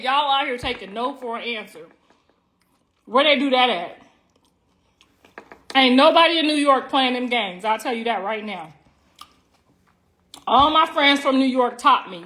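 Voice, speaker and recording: Her voice is a little high and sharp-toned, moving at a moderate pace. As host of a casual phone livestream from her home, this middle-aged woman teases and swears brashly, speaking right to viewers and dragging out words for emphasis.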